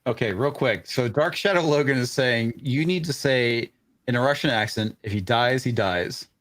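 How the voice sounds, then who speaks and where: Brief: man, ordinary mid pitch, easygoing chat on a live stream. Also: moderate pace, fairly bright tone. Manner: casual, relays chat requests. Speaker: co-host.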